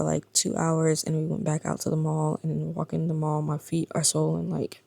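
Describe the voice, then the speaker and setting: A worn-out woman in her thirties speaks to her vlog viewers in a low, gravelly voice. She sounds tired and confiding and drops at times into a breathy whisper. Her pitch barely moves, and the sound is close and dry. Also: a little mellow, dry recording. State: exhausted and in pain. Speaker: vlogger. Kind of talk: casual personal vlog talk.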